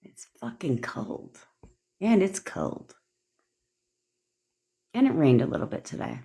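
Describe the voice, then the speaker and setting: A woman's voice: fairly low pitch, wildly swooping pitch, slow, vocal fry, dark tone. A woman manifestation coach talking casually on a phone livestream, chatty and cursing often as she answers viewers. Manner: chatty, frequent profanity, addresses viewers by name.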